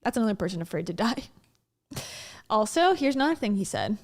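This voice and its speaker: A woman's voice: medium pitch, sing-song, fairly quick, a little mellow. A woman hosting a reaction video, talking in a blunt, mocking, casual way. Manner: mocking, blunt, laughs between remarks. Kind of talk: casual sarcastic commentary.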